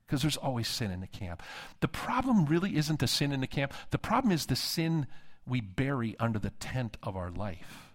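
A man's voice: medium pitch, big pitch swings, moderate pace. A middle-aged man, a seminary dean, preaching a sermon and telling stories with humor, acting out the voices of people he quotes. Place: conference hall.

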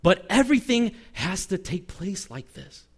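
A man preaching a sermon as pastor, acting out quoted lines and letting his voice drop low at the ends of phrases. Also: a little slow, slightly rough. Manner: animated, acts out quoted voices; drops pitch and volume at phrase ends.

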